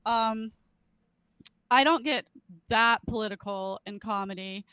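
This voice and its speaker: A British woman in her late thirties performs a stand-up set at a virtual charity show, full of crude, self-deprecating jokes she often laughs at herself. Her voice is fairly high, smooth, pushed and bright, delivered slowly. The audio is poor, with no room sound.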